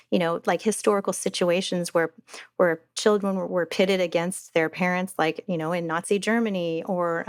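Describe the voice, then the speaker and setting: A woman, a mother and podcast guest, telling a personal story in a halting way, with many restarts and fillers. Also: fairly low pitch, no echo, clean studio sound.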